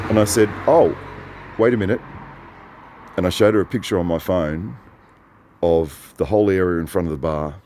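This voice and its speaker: A man's voice: low-pitched, darkish tone. An Australian man rambling through a chatty story in a casual monologue, often correcting himself. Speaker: vlogger.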